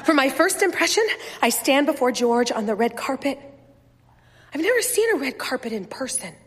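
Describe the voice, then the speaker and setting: A woman reading first-person literary fiction aloud in a measured, wistful, softly expressive way. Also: high voice, husky, long reverb tail. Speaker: reader.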